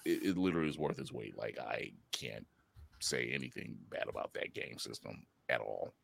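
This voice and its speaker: A man's voice: very deep voice, normal speed, vocal fry, a little hiss or hum. A man co-hosting a podcast, chatting casually and profanely, acting out little quotes as he tells a story. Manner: animated, profane, acts out quotes. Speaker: podcast co-host. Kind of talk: casual chat.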